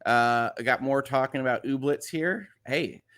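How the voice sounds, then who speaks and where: A man with a Chicago accent and a slightly nasal voice hosts a relaxed livestream. He talks in a rambling way, with many fillers and restarts, as he reads out viewer messages. His voice sits at an ordinary middle pitch. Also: normal speed. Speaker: livestream host. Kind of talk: casual livestream chat, reading viewer messages aloud.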